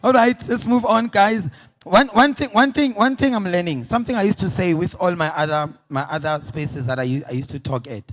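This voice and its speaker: Brief: South African event MC, high voice, upbeat crowd work. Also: male voice, fairly quick, no echo, clean studio sound. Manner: hyped, calls out to the crowd. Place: event stage before a crowd.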